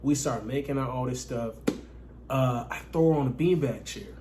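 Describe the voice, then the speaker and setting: A man's voice: mid-range voice, moderate pace, darkish tone, a little hiss or hum. A man telling a casual, profane story to his viewers, often addressing them as guys. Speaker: dating coach vlogger.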